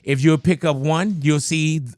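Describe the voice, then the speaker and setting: A man's voice: a little high, moderate pace, darkish tone, no room sound, studio quality. A middle-aged man hosting an interview in a playful, casual way, laughing often and bantering with his guest. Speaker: radio and video interview host.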